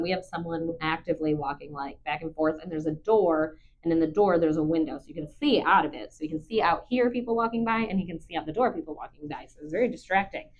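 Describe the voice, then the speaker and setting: A woman dog trainer calmly talking through a training session, chatty and patient with frequent ums. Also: sits low, fast, hardly any pauses. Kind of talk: live dog training commentary. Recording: dull lo-fi recording.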